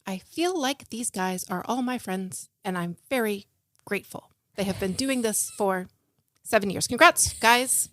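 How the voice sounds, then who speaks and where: A woman's voice: mid-range voice, lively intonation, unhurried, fairly bright tone, no echo, studio quality. A woman voicing a fussy middle-aged female film editor, reading a listener review in character. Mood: cheerful. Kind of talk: podcast character bit.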